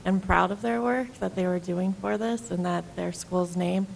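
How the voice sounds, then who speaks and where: A woman art teacher speaks briefly at a school board meeting. Her voice is low and strongly gravelly, with a faint rumble in the background. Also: steady tone, normal speed. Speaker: elementary art specialist.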